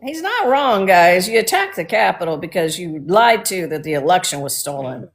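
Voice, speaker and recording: A woman's voice: fairly low pitch, very animated, moderate pace. A woman from Texas co-hosting a casual political talk show, talking in a blunt, mocking way with frequent restarts. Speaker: co-host.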